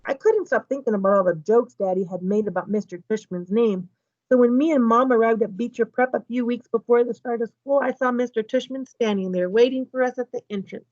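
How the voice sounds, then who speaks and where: A woman teacher reading a children's novel aloud to her class, lively and voicing each character's dialogue. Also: on the high side, a little fast, no room sound, muffled recording. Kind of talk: children's book read-aloud.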